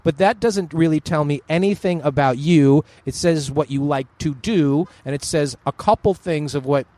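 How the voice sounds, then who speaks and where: Male podcast host, slightly high pitch, jokey animated banter. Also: moderate pace, no room sound. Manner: joking, animated storyteller. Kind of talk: casual chat.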